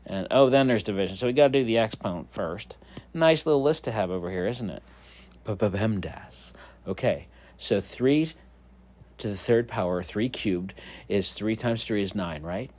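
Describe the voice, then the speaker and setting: A man's voice: fairly low pitch, expressive, moderate pace, a little mellow. A man teaching a whiteboard math lesson, in a playful, jokey voice that talks to the students like kids.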